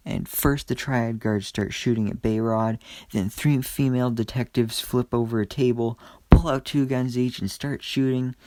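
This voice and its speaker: Brief: male TV reviewer, casual recap, fry in the voice, dry close sound. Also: medium pitch, darkish tone, no room sound. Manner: chatty, enthusiastic, frequent ums and restarts. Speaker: TV episode reviewer.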